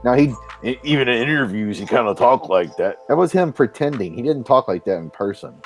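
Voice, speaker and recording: A man hosting a live stream, talking in a rambling, profane, animated way. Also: medium pitch, a little fast, faint music behind. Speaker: stream host. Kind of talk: casual chat.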